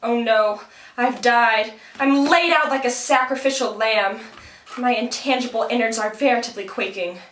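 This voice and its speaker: A woman voicing an angry, aggrieved male shadow-puppet character in a loud, exclaiming manner, recorded in a roomy room. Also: fairly high pitch, normal speed, lightly acted. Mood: indignant.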